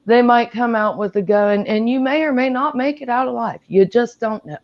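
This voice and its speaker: A woman's voice: a little high, moderate pace, highs cut off. A woman from Appalachia chatting frankly as a guest on a livestream. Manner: frank, chatty, laughs easily. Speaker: guest panelist. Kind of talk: casual chat.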